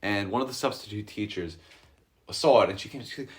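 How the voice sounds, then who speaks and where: A young man chats on a podcast in a lowish voice that leaps around lively. He tells loose, profane stories and breaks into laughter often. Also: fast talker, a little hiss or hum. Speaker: podcast co-host. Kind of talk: casual chat.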